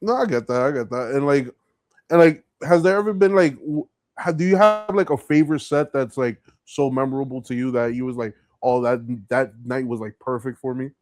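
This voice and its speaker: A man hosting a podcast interview, eager and quick with his reactions and questions. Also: medium pitch, darkish tone, no echo. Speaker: podcast host. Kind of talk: casual interview.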